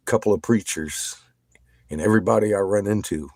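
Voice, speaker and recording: Excitable, profane man on a livestream, low voice. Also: brisk, vocal fry, no echo. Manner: profane, excitable, laughs often. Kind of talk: casual livestream chat with viewers.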